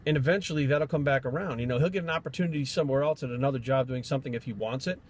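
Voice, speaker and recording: A man's voice: mid-range voice, racing, a little hiss or hum. A man from Rhode Island, a fitness trainer, telling stories in a blunt, profane, rambling vlog rant.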